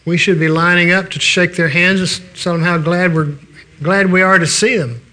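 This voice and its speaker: Folksy older male preacher, bright high voice. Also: steady tone, normal speed. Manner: folksy, conversational preaching with restarts. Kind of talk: sermon.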